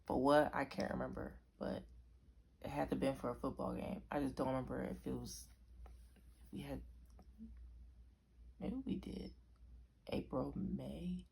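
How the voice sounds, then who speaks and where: Low, gravelly young woman vlogger. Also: unhurried, long pauses, darkish tone, a little hiss or hum. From Arizona. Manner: rambling, self-correcting, chatty. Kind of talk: casual storytelling to camera.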